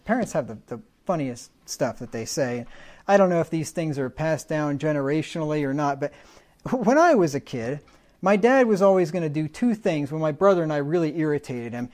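A man's voice: on the high side, a little mellow. A man preaching a sermon in a conversational teaching manner, defining words and adding folksy humorous asides.

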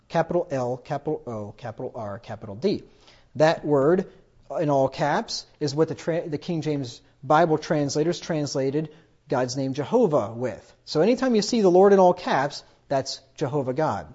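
A man preaching a sermon, who gets emphatic and loud when he quotes scripture. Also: mid-range voice. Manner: emphatic, rises loudly when quoting scripture. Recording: dull lo-fi recording.

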